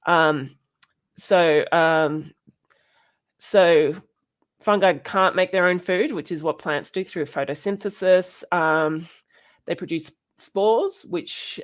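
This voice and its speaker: A woman hosting a casual educational chat, halting often with ums and restarts and laughing now and then. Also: sits low. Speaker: podcast host.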